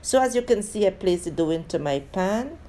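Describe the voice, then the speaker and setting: A woman's voice: medium pitch, expressive, normal speed, warm tone, a little hiss or hum. A woman hosting a casual cooking tutorial. She talks viewers through each step in a chatty way, with friendly asides, and keeps calling them "guys". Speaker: cooking channel host.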